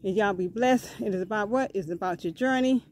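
A folksy woman vlogs from her rural property, speaking into a handheld phone. She is out of breath and often repeats herself while addressing her viewers as family. Her voice sits at an ordinary middle pitch over faint outdoor noise. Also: fairly quick, a little mellow. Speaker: vlogger. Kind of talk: casual vlog talk to viewers.

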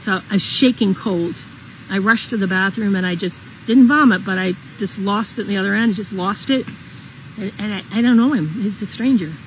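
A middle-aged woman narrating a personal story in an earnest, halting way, often restarting and repeating herself. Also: medium pitch, slight background noise, poor audio.

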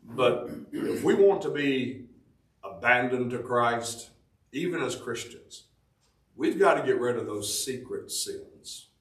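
A man's voice: mid-range voice, animated, slow pace, a bit bright, reverberant, recorded from a distance, low-quality recording. A man preaching a devotional sermon, reading scripture in old-fashioned Bible wording and explaining it.

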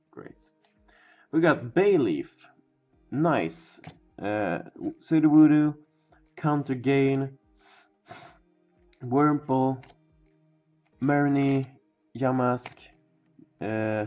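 A young man talks slowly and loosely while he opens card packs, rambling, swearing and breaking into loud excitement at times. The recording sounds dull and lo-fi, with faint music underneath. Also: medium pitch. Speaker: pack-opening video host. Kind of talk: casual card-opening commentary.

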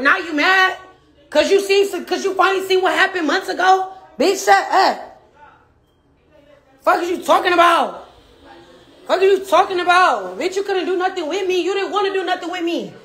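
Speaking straight to the camera, a reality show cast member rants, taunting and trash-talking with heavy swearing and bursts of laughter. Her voice is very high-pitched, bright and forceful.

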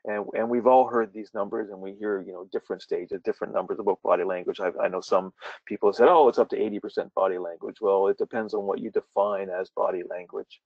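A man with a fairly low voice gives a workshop lesson over a webinar. He talks in an animated way, often repeating words and adding fillers. The audio is dull and dry, and he sounds a little far from the mic. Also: fast talker, dry recording. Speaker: workshop trainer. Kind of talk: webinar lecture.

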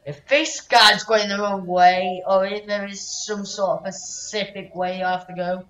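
A woman's voice: mid-range voice, steady tone, unhurried, a bit bright, a little hiss or hum. A woman playing a video game and narrating it with chatty, bemused asides to viewers. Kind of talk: casual let's-play commentary. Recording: dull, roomy, distant mic.

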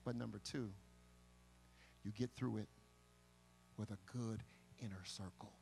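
A pastor preaching a live sermon at a church service, impassioned and building to forceful rhythmic declarations. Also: male voice, fairly low pitch, fairly even intonation, measured pace, creaky, soft background music. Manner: impassioned preaching with repeated calls of "listen to me".

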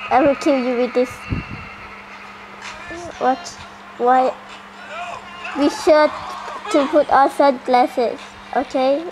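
A woman giving casual gameplay commentary, excitable and full of surprised questions. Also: sits high, slow pace, long pauses, noisy background. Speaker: gaming channel host.

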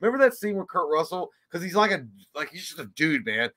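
A man's voice: a little high, sing-song, quick pace, sharp tone. A man co-hosting a casual movie chat, joking and crude, rambling into long bits. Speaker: podcast co-host.

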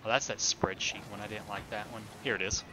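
Against a noisy background, a man speaks briskly in a low voice with little pitch movement. He's live-streaming a city-building game, musing aloud in a rambling, casual fashion full of fillers and self-corrections and talking to viewers as he plays.

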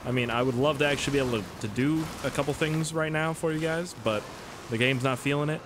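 A man giving excitable, swearing let's-play commentary as a gaming YouTuber. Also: mid-range voice, fast talker, background noise. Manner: excitable, swears a lot, laughs at own jokes.

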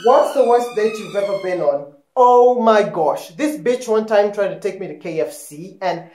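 A man's voice: sits high, lively intonation, normal speed, darkish tone. A young man from Kenya, hosting a casual Q&A vlog in a sassy, dramatic manner and swearing freely. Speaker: YouTuber. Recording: echoey room with faint music.

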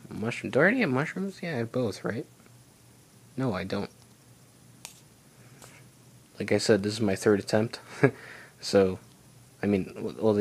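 Young male let's-play host, low voice, chatty and rambling self-talk. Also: husky. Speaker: gaming channel host. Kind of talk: casual let's play commentary.

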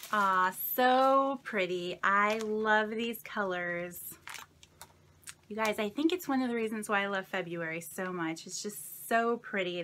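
A woman's voice: mid-range voice, slight background noise. A young woman vlogger chatting casually to camera as she unwraps crafting gifts. She gushes, exclaims often and thanks the sender again and again. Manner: gushing, effusive, keeps saying thank you; exclamations and soft laughs. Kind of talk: casual unboxing chat to camera.

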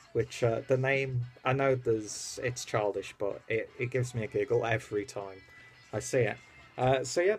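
A man from the UK, casually reviewing a beer in a rambling, easygoing way full of fillers. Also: medium pitch. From United Kingdom. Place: at home in Germany.

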